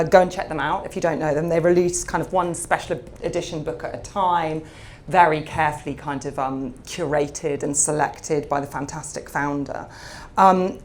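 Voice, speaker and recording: A woman's voice: sits low, a little mellow. A woman interviewing an author at a live event, posing long, thoughtful questions.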